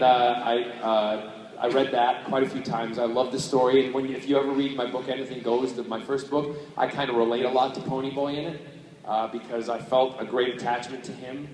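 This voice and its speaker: A man's voice: medium pitch, darkish tone, recorded from a distance, a little hiss or hum. A man answering fan questions at a convention panel in a playful, chatty way, laughing often. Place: large convention hall. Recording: echoey hall, picked up from afar.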